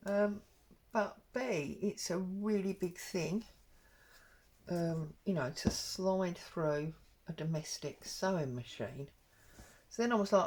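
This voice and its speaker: Taking it slow in a fairly low, darkish voice, a woman craft vlogger talks casually over her embroidery. Her stitch-along chat rambles and is full of ums.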